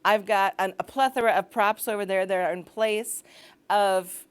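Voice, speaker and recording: A woman's voice: medium pitch, steady tone, moderate pace, clean tone. Chatty, self-mocking woman MC. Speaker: host and MC. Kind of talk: cabaret hosting.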